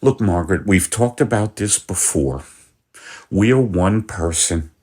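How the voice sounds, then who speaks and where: A man voicing Al, a weary, pedantic husband, in a low, gruff, exasperated voice. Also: expressive, unhurried, mellow, heavily acted.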